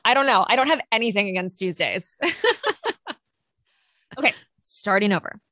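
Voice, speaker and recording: A woman co-hosting a teaching podcast, talking in a lively, chatty way and laughing easily. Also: medium pitch, quick pace, no room sound. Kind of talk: casual podcast chat.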